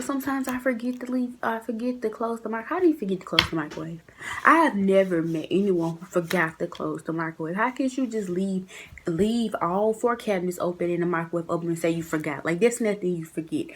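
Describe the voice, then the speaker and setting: A young woman casually telling a storytime to her viewers, animated and chatty, with asides to the audience. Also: mid-range voice, background noise. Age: young adult. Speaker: vlogger.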